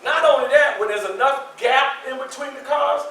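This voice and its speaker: A man in his sixties telling a personal story live to an audience, animated and acting out scenes. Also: very high voice, normal speed, vocal fry. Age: 60s. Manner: animated, acts out scenes with voices and shouts. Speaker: featured storyteller. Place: community center hall. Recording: echoey room from a far mic, faint ambience.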